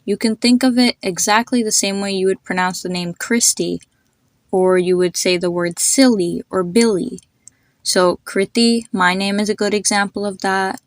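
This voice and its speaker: A woman's voice: medium pitch, steady tone, no echo. Woman patiently explaining pronunciation on a podcast. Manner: patient, spells out names and slows down to demonstrate sounds. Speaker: podcast host.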